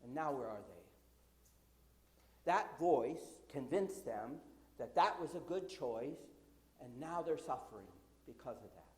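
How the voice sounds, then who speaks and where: A woman's voice: very deep voice, expressive, unhurried, pauses often, a little mellow. Conversational woman preacher, echoey church. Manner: asks the congregation rhetorical questions; sarcastic asides. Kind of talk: conversational sermon. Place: church sanctuary. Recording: echoey church with long reverb.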